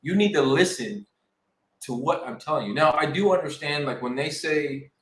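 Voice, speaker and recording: A man in his forties with a fairly high voice, making his points in an emphatic, worked-up way. The recording sounds echoey, like a bare room. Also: lively intonation, moderate pace. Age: 40s. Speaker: podcast co-host. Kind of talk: casual podcast discussion.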